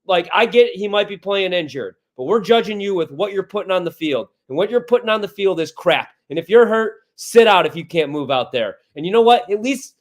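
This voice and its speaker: A man's voice: high-pitched, lively intonation, brisk, hardly any pauses. A man co-hosting sports talk radio, ranting in a fired-up, exasperated way. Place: radio studio.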